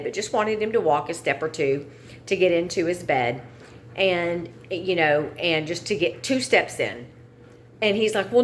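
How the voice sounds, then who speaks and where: Venting her frustrations, a middle-aged vlogger talks frankly to her viewers in a casual chat to camera. She has a low voice, and a little hiss or hum runs under the recording.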